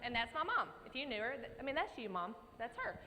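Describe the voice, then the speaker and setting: A young woman from Alabama with a Southern accent, telling an animated story at a conference and acting out her own reactions with big leaps in pitch. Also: quick pace. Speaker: conference speaker. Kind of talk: storytelling keynote talk. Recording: speech in a large hall with faint background noise.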